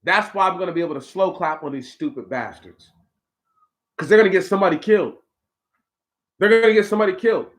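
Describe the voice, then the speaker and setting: Brief: male talk host, higher-pitched voice, preachy casual monologue, slangy asides to listeners. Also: fast, pauses often. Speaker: podcast host.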